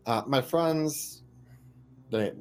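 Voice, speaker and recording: A man's voice: medium pitch, very slow. A man playing a tabletop game, talking casually and rambling with many fillers and restarts. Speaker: player.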